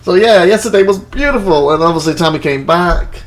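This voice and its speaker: Guy chatting over his let's play, kinda high voice, tells stories and does the voices. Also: lively intonation, fairly quick. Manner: rambling anecdotes, acts out quotes, laughs. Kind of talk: casual chat over gameplay.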